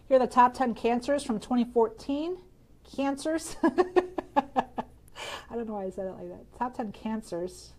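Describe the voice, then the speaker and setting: A woman's voice: medium pitch, warm tone. A woman from Michigan hosting a casual live stream, bubbly and chatty, reading out viewer comments and answering health questions with frequent laughs.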